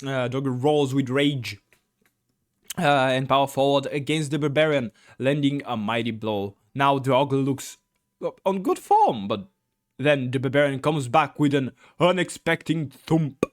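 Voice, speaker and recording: A man's voice: mid-range voice, unhurried. A man playing through a gamebook, reading it aloud with rambling commentary, many fillers and blurted swearing. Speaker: gamebook let's-player.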